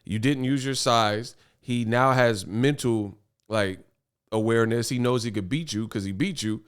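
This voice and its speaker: A man's voice: mid-range voice, unhurried, clean tone. A man hosting a boxing commentary vlog, talking in an emphatic, rambling way and repeating his punchlines. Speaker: boxing commentary channel host.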